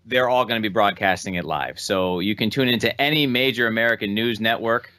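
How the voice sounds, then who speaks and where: A man co-hosting a political podcast, explaining things in a measured way. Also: fairly low pitch, pushed and bright, clear, resonant tone, dry recording. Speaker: podcast co-host. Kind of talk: casual political podcast chat.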